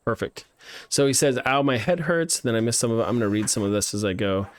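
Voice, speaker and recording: A man's voice: on the low side, steady tone, quick pace, a little mellow. A man streaming a live playtest of student games, thinking aloud with lots of fillers and restarts as he gives feedback. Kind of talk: live game playtest commentary.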